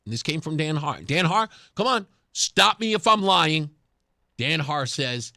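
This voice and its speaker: A man's voice: fairly high pitch, very animated, measured pace, sharp tone, no room sound, studio quality. A man hosting a talk radio show, giving sarcastic political commentary and laughing often. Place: radio studio.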